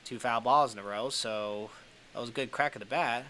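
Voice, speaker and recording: A man's voice: normal speed, a crowd in the background. A young man giving his own running commentary over a baseball video game. He mutters to himself, groans at misses and cheers at hits. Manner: excitable, talks to himself, groans and cheers at each pitch. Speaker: gaming YouTuber.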